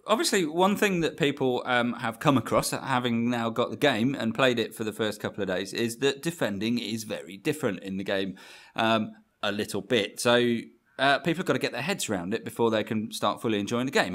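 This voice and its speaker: A man's voice: medium pitch, fairly quick, a bit bright. Dry, self-deprecating male co-host. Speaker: podcast co-host. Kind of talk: casual podcast banter.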